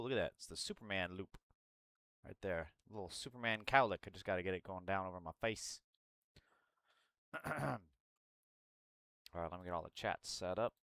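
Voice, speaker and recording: A man's voice: sits low, fairly bright tone, dry recording. A male streamer chatting casually and bluntly on a livestream, swearing freely and reacting aloud as he reads news.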